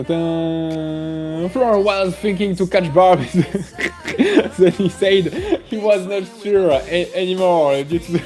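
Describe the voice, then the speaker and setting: A man with a French accent hosting a live trading stream, chatting casually, joking and greeting viewers by name. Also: sits high. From France. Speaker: livestream trading host.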